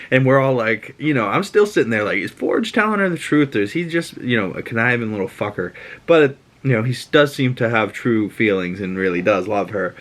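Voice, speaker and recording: A man hosting a casual reaction podcast, recapping a cartoon episode in an excitable, swearing way. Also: on the low side, a little fast. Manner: excitable, profane, laughs and shouts at scenes. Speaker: podcast host.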